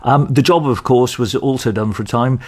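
A man's voice: medium pitch, a little fast. Male radio host, mid-range voice, upbeat scripted intros and questions. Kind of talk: radio interview hosting.

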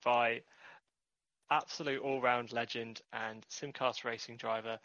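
A man with a bright, forceful tone hosts a podcast with easy teasing and frequent laughter. His voice sounds dry and a little dull, as if from a close mic. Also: medium pitch, level tone, normal speed, no room sound. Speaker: podcast host. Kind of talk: casual podcast chat.

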